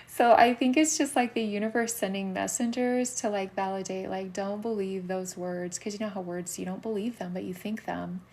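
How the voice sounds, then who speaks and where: A middle-aged woman giving soulmate readings on a livestream, talking casually in a soft, soothing voice that often drops into a whisper. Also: mid-range voice, fairly even intonation, moderate pace, vocal fry, hardly any pauses.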